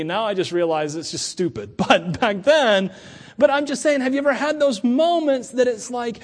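A middle-aged man preaching a sermon to his church in a chatty, animated way, laughing often and acting out quoted voices. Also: very high-pitched, moderate pace. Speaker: pastor.

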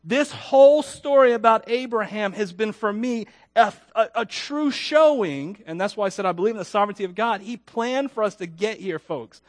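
A man preaching a sermon in a conversational, self-deprecating way, asking the congregation questions, with loud emphatic peaks and quiet dropped endings. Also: high voice, expressive, normal speed, few pauses, no room sound, clean studio sound. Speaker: pastor.

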